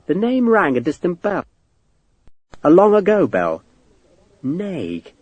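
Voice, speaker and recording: A man reading a novel aloud as narrator, with an expressive delivery. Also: high voice, takes it slowly, dry recording, highs cut off. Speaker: audiobook narrator. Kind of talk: scripted narration.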